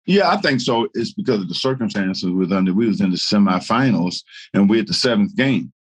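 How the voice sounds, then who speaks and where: Animated older man telling stories. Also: on the low side, brisk, breathy edge. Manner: animated storyteller, laughing through anecdotes. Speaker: guest, retired basketball player. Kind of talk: casual storytelling chat.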